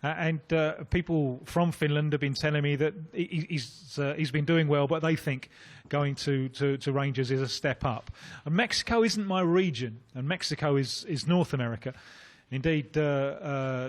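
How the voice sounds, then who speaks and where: Male radio pundit, slightly high voice, assured and explanatory. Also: moderate pace. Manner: informative, assured. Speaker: football pundit.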